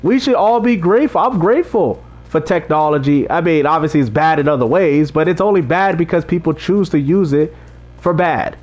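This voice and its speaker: A man's voice: on the high side, brisk, a little mellow, highs cut off. A man hosting a casual livestream, talking straight to his chat and preaching about faith, often repeating himself. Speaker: livestream host reading chat.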